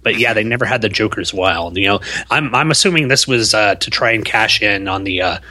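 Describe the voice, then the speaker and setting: A man co-hosting a podcast in casual chat, halting, with frequent restarts and fillers. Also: fairly low pitch, sharp tone, no echo. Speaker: podcast co-host.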